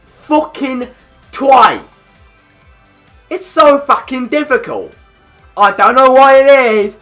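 A young man commentating his own football video game, hoarse from shouting, loud and excitable, swearing constantly and yelling at the players. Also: very high voice, slow, soft background music. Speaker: gamer and channel host. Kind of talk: let's play commentary.

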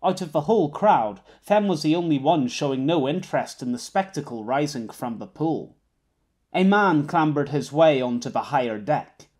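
A man reading an audiobook in a medium-pitched voice. His storytelling is steady with a wry touch. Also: breathy edge. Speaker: audiobook narrator. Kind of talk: scripted narration.

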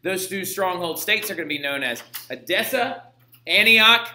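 A man's voice: high-pitched, lively intonation, normal speed, pushed and bright, a little hiss or hum. A young male history teacher giving a casual, chatty lecture, often checking in with "right?". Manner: chatty, slangy, frequent "right?". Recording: echoey room.

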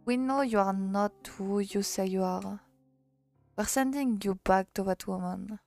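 Cold fed-up dad read by a french lady, blunt, slow, kinda gravelly. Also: mid-range voice, a little mellow, dry recording, faint music behind. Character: cold, fed-up middle-aged father.

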